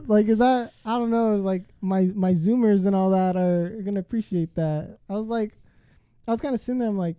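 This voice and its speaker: A woman's voice: mid-range voice, a little fast, clean tone, dry recording, lo-fi sound. Slangy rambling woman podcaster. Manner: rambling, slangy, lots of fillers and acted-out quotes. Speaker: podcast co-host. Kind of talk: casual chat.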